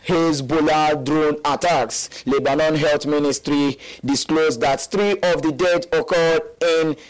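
A man's voice: on the high side, slow, low-quality recording. Man reading campus radio news. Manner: steady formal news delivery. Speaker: newsreader.

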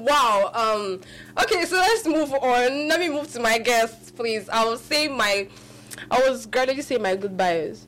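A woman hosts a live radio call-in show, animated and often laughing as she restarts her sentences. Her voice is a little high and she talks a little slowly.

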